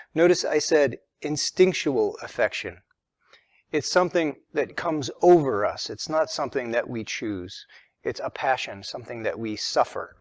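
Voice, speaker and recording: A man's voice: medium pitch, dry recording. Patient man teaching a lesson, dry sound. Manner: patient, methodical, stressing key words. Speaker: religion teacher. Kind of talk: explanatory lesson.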